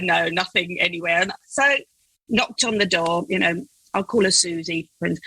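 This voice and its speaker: A middle-aged woman who works as a foster carer tells a story in a casual interview, animated and laughing a lot while acting out her own and others' voices. Her mid-range voice is husky at normal speed, with no echo but poor audio.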